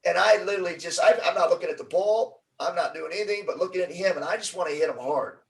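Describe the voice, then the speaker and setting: A middle-aged man telling a story as an interview guest, acting out the quotes with lively energy. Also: high voice, fast talker, gravelly, distant mic, poor audio. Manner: animated storyteller, acts out quotes.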